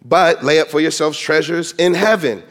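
A man's voice: on the high side, normal speed. A man preaching a sermon to his congregation, emphatic and quoting scripture in dramatic voices. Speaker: pastor.

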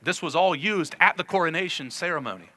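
Male pastor, bright voice, earnest sermon delivery with emphatic scripture reading. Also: on the high side, animated, fairly quick. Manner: earnest preaching, reads scripture aloud with emphasis.

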